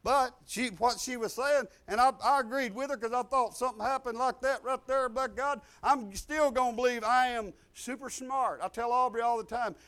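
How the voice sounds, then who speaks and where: Older preacher man, real high voice, folksy, hollers now and then. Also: normal speed, few pauses. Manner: folksy, exuberant preaching with loud outbursts. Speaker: pastor. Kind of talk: sermon.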